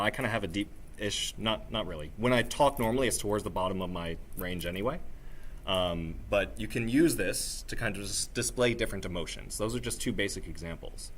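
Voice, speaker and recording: A man leading a live workshop, coaching the room like a voice teacher with a singing background, energetic and coaxing, checking in again and again with "right?" and "okay?". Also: on the low side, fairly quick, a little hiss or hum. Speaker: workshop presenter.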